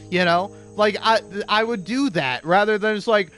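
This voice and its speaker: High-voiced man ranting profanely over gameplay. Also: normal speed, few pauses, a bit bright, smooth, soft background music. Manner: profane, rambling, sarcastic. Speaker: gaming commentator. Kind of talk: casual ranting gameplay commentary.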